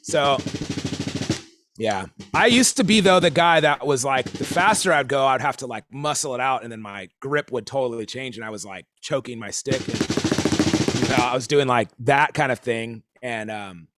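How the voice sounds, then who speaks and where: A man's voice: mid-range voice, normal speed, heavy background noise. A man giving a casual live-streamed drum lesson, rambling and easygoing, with lots of fillers. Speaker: drum teacher.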